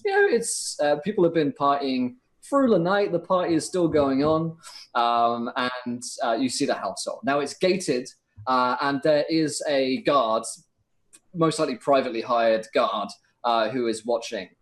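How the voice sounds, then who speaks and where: Brief: English man running a tabletop game, loose and rambling, mid pitch. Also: lively intonation, unhurried. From England. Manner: rambling, filler-heavy, laughs easily. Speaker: game master.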